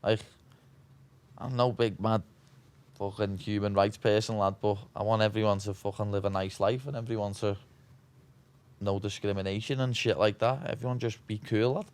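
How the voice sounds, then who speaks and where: With a lowish, slightly mellow voice, fairly even intonation and normal speed, this fighter from Liverpool, England, is a young interview guest in casual chat. He has a Scouse accent, talks blunt and brash, swears freely and calls everyone "lad."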